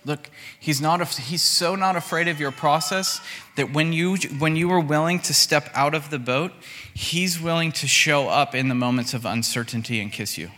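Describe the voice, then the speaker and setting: Bright-voiced man preaching in a reverberant hall. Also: on the high side, moderate pace. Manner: conversational storytelling with lively voiced quotes. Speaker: pastor. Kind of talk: sermon.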